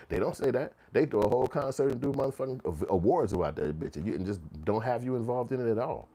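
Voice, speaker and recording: A man's voice: medium pitch, fast talker, hardly any pauses, warm tone. A man hosting a commentary channel, ranting heatedly and profanely, sometimes acting out quotes in mocking voices. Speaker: channel host.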